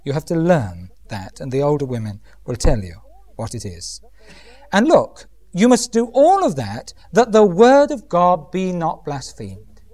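A man's voice: on the high side, sing-song, unhurried, a little mellow. A middle-aged man preaching a humorous sermon, often mimicking other voices.

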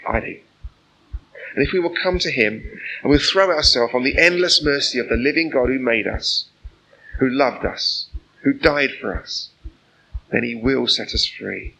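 A man's voice: mid-range voice, measured pace, creaky, long pauses, pushed and bright, a little hiss or hum, rough recording. A man preaching an informal sermon, chatty and earnest, often asking the listeners rhetorical questions. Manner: conversational, full of rhetorical questions; personal and earnest.

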